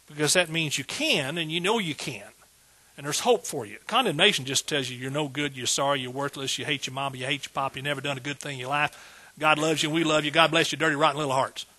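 A man's voice: fairly high pitch, fast, pushed and bright, breathy edge. A man preaching a sermon as pastor, folksy and joking, building to emphatic bursts.

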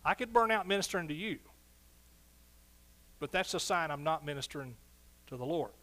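A middle-aged man preaching a sermon as pastor, animated, swinging between soft asides and loud exclamations. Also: a little high, brisk.

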